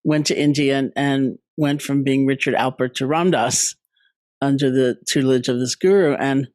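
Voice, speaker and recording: An older man hosting an interview, explaining background for listeners in a measured way with frequent pauses. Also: medium pitch, steady tone, darkish tone, dry recording. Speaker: host.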